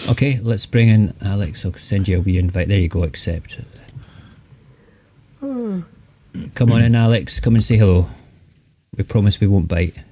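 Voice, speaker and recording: A man's voice: sits low, a little fast, dark tone. A Scottish man hosting a late-night live chat stream, rambling and jokey, often trailing off and restarting.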